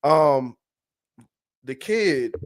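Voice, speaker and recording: A man co-hosting a podcast, chatting casually and profanely about a movie, quick to laugh. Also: a little high, lively intonation. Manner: loose, profane, laughs a lot. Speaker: podcast co-host. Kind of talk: casual movie review chat.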